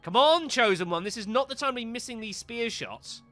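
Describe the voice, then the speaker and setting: A man's voice: very high voice, expressive, brisk, bright, forceful tone, faint music behind. A man streaming a game live, talking to viewers as folks and getting exasperated at missed shots. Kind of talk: live gameplay commentary.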